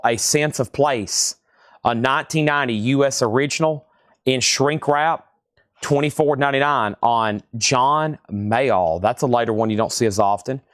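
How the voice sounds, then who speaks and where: A man hosts a live online sales stream, calling out record grades and prices in a relaxed, casual way. His voice is smooth and clear, and the sound is dry and close with no room echo. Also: medium pitch. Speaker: host of a live record sale.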